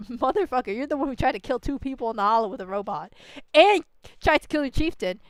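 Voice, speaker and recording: Woman game streamer, ranting commentary, crisp close voice, dry sound. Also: high-pitched, brisk, no room sound. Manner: animated, ranting, swears a lot. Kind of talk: casual reaction commentary.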